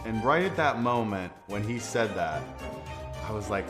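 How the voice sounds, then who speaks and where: Lively man telling a story. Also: fairly low pitch, normal speed, over music. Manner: lively storyteller, acts out his reactions. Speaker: interviewed local resident. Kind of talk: animated personal anecdote.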